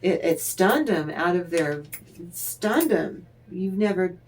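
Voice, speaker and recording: A woman reads tarot cards aloud, speaking to the listener as if they were sitting across from her. Her voice sits a little low, and she takes her time, letting words hang between phrases. She is encouraging and breaks into laughter now and then. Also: lively intonation, darkish tone, slight background noise. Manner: unhurried, addresses the listener directly, encouraging; laughs often. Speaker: tarot reader. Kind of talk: tarot card reading to the viewer.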